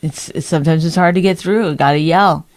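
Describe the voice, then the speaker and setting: A woman's voice: low-pitched, a little fast, no room sound. Sarcastic teasing comedian woman. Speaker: comedian podcast co-host. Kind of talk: casual comedic banter.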